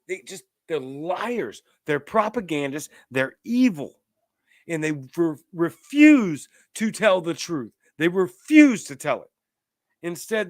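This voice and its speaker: A man's voice: on the high side, fairly bright tone, dry recording, studio quality. A man hosting a political commentary show, ranting emphatically and reading out viewer comments. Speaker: host.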